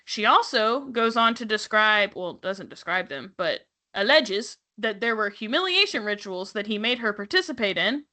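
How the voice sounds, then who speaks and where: A woman's voice: mid-range voice, expressive, moderate pace, hardly any pauses, bright, forceful tone. A woman co-hosting a podcast, recapping reality TV in casual, sarcastic, profane chat. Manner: sarcastic, profane, laughing asides. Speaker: podcast co-host.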